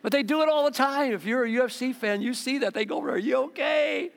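A man preaching from the pulpit with a high, lively voice that rises and falls as he acts out people's complaints. His sermon rings through a church hall with a long, trailing reverb. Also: fast talker. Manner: animated, mocking voices of the people he quotes. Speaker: pastor. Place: church sanctuary.

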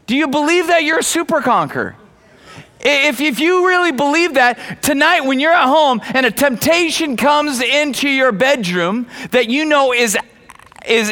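With a high, bright voice, a male pastor delivers an emphatic sermon. He repeats key phrases over and over and calls out to his congregation.

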